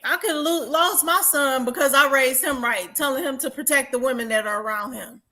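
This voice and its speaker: High bright-voiced woman telling a story. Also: fairly quick. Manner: animated, emphatic storyteller. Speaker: podcast co-host. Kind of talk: casual storytelling chat.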